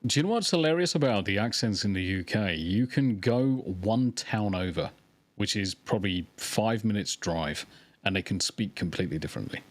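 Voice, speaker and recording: A man's voice: lowish voice, lively intonation, moderate pace, dry recording. A man from England with a mixed English accent, a guest chatting casually on a podcast and telling stories animatedly.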